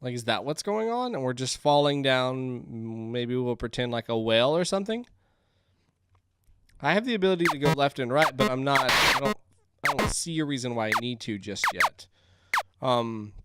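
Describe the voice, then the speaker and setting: A man's voice: mid-range voice, moderate pace, very noisy. Chatty man doing game commentary. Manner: chatty, excitable, thinks aloud. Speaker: gaming YouTuber. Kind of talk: let's play commentary.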